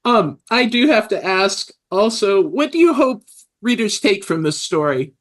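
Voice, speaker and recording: This woman co-hosts a relaxed podcast interview. She speaks in a middle pitch and sounds eager, heaping praise on the book. Her talk is warm and full of enthusiasm. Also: unhurried. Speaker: podcast co-host.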